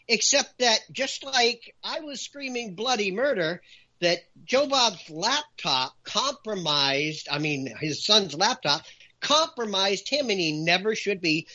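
A man with a bright, lively voice that swings widely between quiet asides and loud emphatic stretches. He talks in an animated, hard-pressing way, and the recording sounds dull and lo-fi. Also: high-pitched, slow pace. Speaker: talk show guest. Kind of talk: animated opinion talk.

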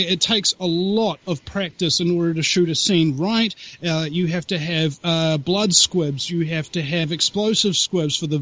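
A man hosting a podcast, talking in an excitable, rambling way with many fillers and speaking straight to his audience. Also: on the high side, no echo, dull audio. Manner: addresses the audience directly. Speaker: show host. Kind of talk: casual podcast talk.

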